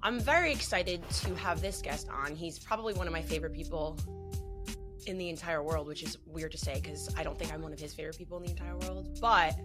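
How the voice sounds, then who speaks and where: A young woman hosts a podcast with a strong New Jersey accent, talking loud and quick and teasing her guest. Her voice sits a little low for a woman. Faint music runs underneath. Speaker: podcast host. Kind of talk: casual chat.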